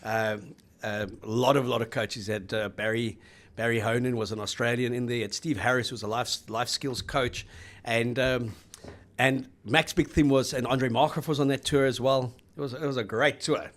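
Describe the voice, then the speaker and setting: A man's voice: medium pitch, fairly even intonation, normal speed, fairly bright tone. South African man rambling about rugby. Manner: rambling storytelling with fillers. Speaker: co-host. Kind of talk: casual rugby chat.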